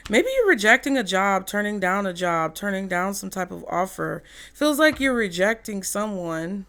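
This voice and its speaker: A woman with a mid-range, animated, slightly bright voice reads tarot casually at a normal speed, chatting away and swearing freely. She acts out quotes in mock voices, pauses to laugh, trails off, and restarts her sentences.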